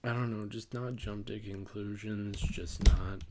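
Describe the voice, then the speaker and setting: A young man vlogging casually to camera, talking in a halting monotone that he admits to himself, swearing often and trailing off with fillers. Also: fairly low pitch, noisy background. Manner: slow, halting, monotone delivery.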